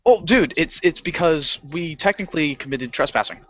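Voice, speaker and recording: Animated swearing man telling a story. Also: on the high side, moderate pace, a little hiss or hum. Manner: animated, swearing, laughing often, acting out voices. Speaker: podcast co-host telling a story. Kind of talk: casual storytelling chat. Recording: lo-fi dull podcast audio.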